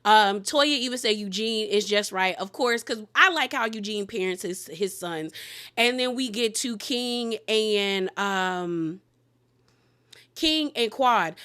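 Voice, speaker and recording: Woman, reality TV recap, laughs a lot, sassy quoted asides, bright voice. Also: medium pitch. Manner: animated, laughing often, quoting people in sassy asides. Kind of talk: casual commentary recap.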